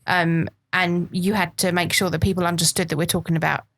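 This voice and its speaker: A woman co-hosts a relaxed podcast in a slightly low voice. She thinks aloud, giving her points with fillers and pauses. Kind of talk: casual podcast chat.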